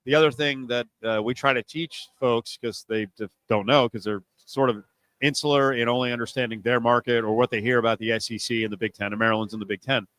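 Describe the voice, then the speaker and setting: Brash sports radio host, dry studio. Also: male voice, mid-range voice, fast, no echo, rough recording. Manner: animated, sarcastic, mocking voices for effect. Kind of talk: sports talk radio banter. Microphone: studio mic.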